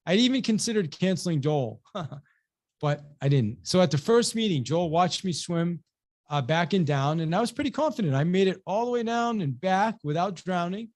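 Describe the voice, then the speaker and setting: A man's voice: high voice, expressive, moderate pace, a little mellow. A man hosting a webinar, telling a personal story with energy, acting out both sides of the dialogue, often repeating words and restarting. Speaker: webinar host and real estate coach.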